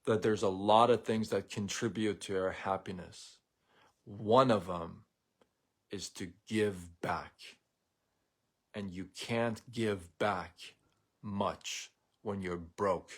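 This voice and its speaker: A man's voice: lowish voice, fairly even intonation, takes it slowly, husky. A man hosting a live show, talking in a blunt, sarcastic, opinionated monologue. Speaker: host of a daily live show. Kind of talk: casual monologue rant.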